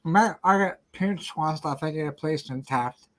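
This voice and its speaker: Halting host in easy chat. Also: medium pitch, a bit bright. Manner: halting, repeats words. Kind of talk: casual chat.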